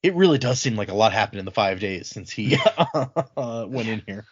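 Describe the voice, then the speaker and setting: A man's voice: fairly low pitch, normal speed, breathy edge. A man recapping book chapters in casual podcast chat, acting out the characters' lines as he goes. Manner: animated retelling, acts out characters' lines. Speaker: podcast host retelling the chapters. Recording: slightly muffled lo-fi audio.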